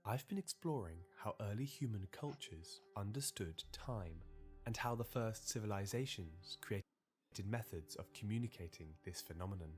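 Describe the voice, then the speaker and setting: A man giving measured, storytelling documentary narration. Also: lowish voice, animated, darkish tone, faint music behind.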